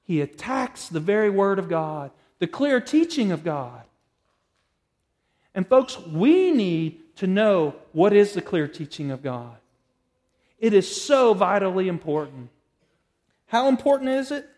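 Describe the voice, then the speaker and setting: Male pastor, high pitch, dramatic storytelling sermon, long hall echo. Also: very animated, measured pace, a little mellow. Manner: emphatic preaching with dramatic storytelling. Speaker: preacher. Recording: reverberant hall.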